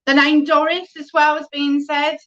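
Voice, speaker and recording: A woman's voice: high-pitched, little pitch movement, normal speed, a bit bright. A woman giving a spiritualist medium reading in an online service, talking chattily and often checking in with "okay?". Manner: chatty, reads out viewer comments, often adds "okay?". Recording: dull lo-fi online stream audio.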